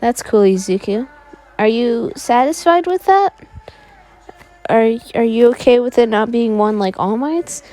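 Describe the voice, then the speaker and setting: Woman doing a sweet caring mom, slow soft delivery, warm mellow tone. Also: fairly high pitch, expressive, voice pushed up. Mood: doting. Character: caring gentle mother, middle-aged.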